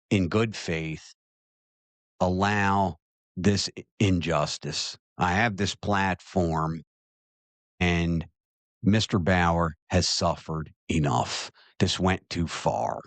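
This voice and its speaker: A low-voiced man hosts his own podcast, ranting emphatically and fielding listener questions, often repeating himself to hammer a point home. There is no room sound.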